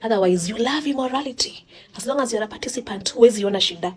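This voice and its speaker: A woman's voice: on the high side, fast, a little mellow. A woman with a Kenyan accent giving a sarcastic, indignant opinion monologue, switching between English and Swahili. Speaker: social commentator.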